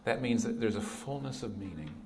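A man preaching a sermon as pastor, earnest and emphatic, often dropping to a quiet, firm voice for his key points. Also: mid-range voice, lively intonation, brisk, slight background noise.

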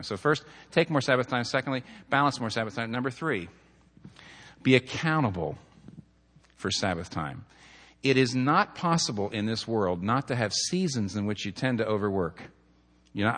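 A man's voice: lowish voice, a bit bright. Earnest male pastor preaching in a reverberant hall. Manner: earnest, builds to emphatic points, tells stories. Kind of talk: sermon.

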